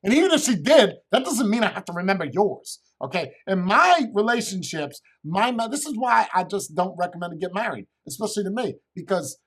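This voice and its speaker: A man's voice: high-pitched, sing-song, a little fast, hardly any pauses, a bit bright, husky. A middle-aged man telling crude, rambling comic stories to a live chat and swearing constantly. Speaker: comedian streamer.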